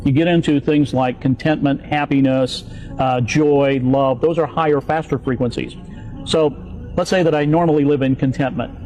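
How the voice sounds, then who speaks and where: A man in an old video clip calmly explaining an idea step by step with everyday examples. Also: mid-range voice, normal speed, soft background music, rough recording. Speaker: motivational speaker in an old clip. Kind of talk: explanatory talk.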